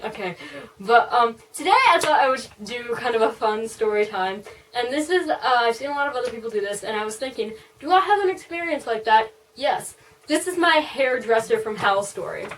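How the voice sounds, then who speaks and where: A woman's voice: a little high, far from the mic, a little hiss or hum, low-quality recording. Rambling young woman vlogger, set back from the mic. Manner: rambling, full of "like" and "um". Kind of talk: casual storytime.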